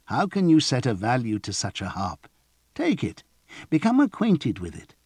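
A man voicing a smooth, flattering male trader who coaxes and persuades, in a storybook reading. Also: medium pitch, moderate pace, no room sound, exaggerated voice. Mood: wheedling. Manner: wheedling, persuasive.

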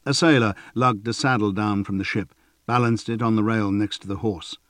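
Low-voiced man narrating an audiobook. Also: no echo, studio quality. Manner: even, measured.

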